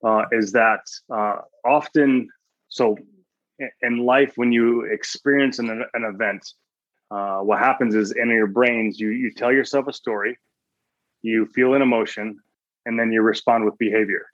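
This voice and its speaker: A man's voice: mid-range voice, fairly even intonation, unhurried, no room sound. Earnest man telling a story, muffled mic. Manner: earnest storytelling, quoting his own thoughts, frequent restarts. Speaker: guest, sports chaplain. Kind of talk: podcast interview.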